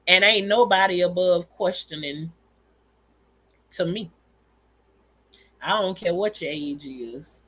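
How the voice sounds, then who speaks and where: Bright-voiced woman chatting candidly on a livestream. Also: fairly low pitch, takes it slowly, pauses often. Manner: candid, emphatic storytelling with frequent laughs. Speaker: livestream host and mother. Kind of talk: casual livestream chat.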